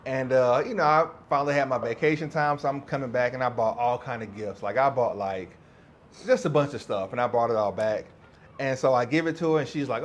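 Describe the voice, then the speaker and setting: Animated man telling a story. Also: medium pitch, brisk, slight background noise. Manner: animated storyteller, laughs often, acts out quotes. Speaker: podcast co-host. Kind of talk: casual storytelling chat.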